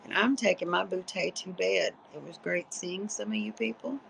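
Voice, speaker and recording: Tired, chatty woman with a gravelly edge, loose profane late-night stream talk. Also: lowish voice, moderate pace, heavy background noise. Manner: chatty, rambling, salty and profane. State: sleepy, yawning. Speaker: livestreamer. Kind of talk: casual late-night livestream chat.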